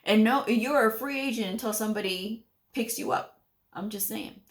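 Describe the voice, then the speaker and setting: Talking at normal speed in a voice on the high side, this career advice host from a medical coding channel addresses viewers directly. Her manner is plainspoken and homespun, and she scolds her audience.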